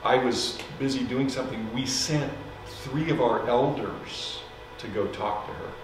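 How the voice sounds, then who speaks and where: A man preaching as pastor, telling a story in a loose, conversational way with fillers and soft laughs. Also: medium pitch, measured pace, noisy background. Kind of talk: sermon storytelling. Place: church sanctuary. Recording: echoey hall, mic from a distance.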